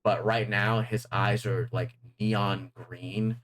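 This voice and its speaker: A man's voice: fairly low pitch, level tone, takes it slowly, a bit bright, a little hiss or hum. A man narrating a tabletop game as game master, rambling with many fillers.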